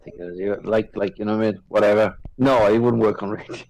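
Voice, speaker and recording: A man's voice: lowish voice, steady tone, fast, darkish tone, low-quality recording. Loose, laughing, sweary male co-host. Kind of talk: casual chat.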